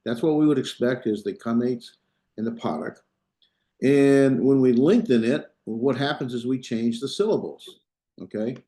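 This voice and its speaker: A man's voice: medium pitch, expressive, moderate pace, dark tone, echoey room. A man lecturing a class, talking loosely with frequent restarts and checking in with his students. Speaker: Biblical Hebrew teacher.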